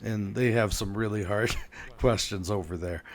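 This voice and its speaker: An American man, a guest author on a podcast, telling personal stories in a lively, self-deprecating way. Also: fairly low pitch, normal speed. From United States. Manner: animated anecdotes, self-deprecating humor. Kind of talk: conversational storytelling.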